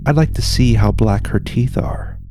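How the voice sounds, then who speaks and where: A man's voice: mid-range voice, moderate pace, dark tone, no echo, soft background music, lightly acted. A man voicing a proud, fearless samurai in a spoken story, teasing and boastful.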